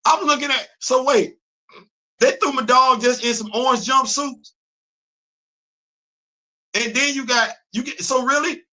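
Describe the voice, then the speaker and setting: A man hosting a casual live-stream commentary, animated and rhetorical, laughing often as he talks. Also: extremely high pitch. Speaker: host.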